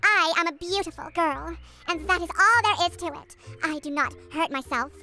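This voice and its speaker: Stuck-up chipmunk girl, super high and bright, all about herself. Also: normal speed, soft background music, exaggerated voice. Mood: dismissive. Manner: snooty, self-admiring. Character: vain haughty young female chipmunk. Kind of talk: fan-made character podcast.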